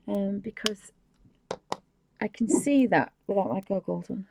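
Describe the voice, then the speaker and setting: A woman's voice: mid-range voice, animated, measured pace, gravelly, pauses often, darkish tone, slight background noise. A woman hosting a live painting tutorial, chatting casually and often dropping to a whisper, with rambling, apologetic asides at her home desk. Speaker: craft channel host.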